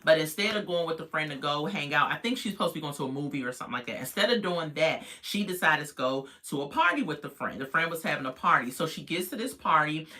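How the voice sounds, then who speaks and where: Reviewer, casual recap, bright forceful voice, opinionated and animated with viewers. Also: quick pace, few pauses. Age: adult parent. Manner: chatty, opinionated, talks straight to viewers; animated, jumps in pitch when reacting. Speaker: reality TV reviewer.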